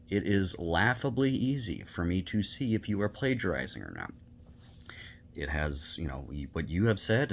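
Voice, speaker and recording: A man's voice: low voice, a little hiss or hum. A male teacher giving a recorded online lecture, talking bluntly and conversationally with many fillers.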